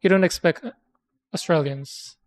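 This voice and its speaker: A woman in casual conversation, speaking in a relaxed, thoughtful way. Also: on the low side, measured pace. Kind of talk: casual chat.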